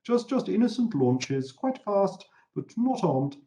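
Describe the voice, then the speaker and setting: A man's voice: sits high, sing-song, a little slow, warm tone, pitched above the performer's own voice. A man voicing sly German naval officers who feign innocence in a coy, mock-innocent tone.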